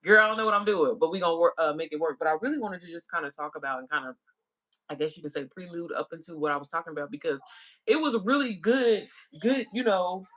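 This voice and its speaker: A woman's voice: fairly low pitch, fast talker, fairly bright tone. A woman chatting casually with viewers on a livestream as an online business coach, calling them y'all and girl.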